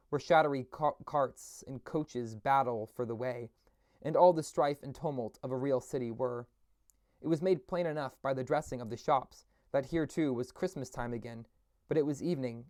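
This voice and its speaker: A man reading a classic novel aloud at a steady pace, with occasional slips and restarts. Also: mid-range voice, no echo, clean studio sound. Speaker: audiobook reader.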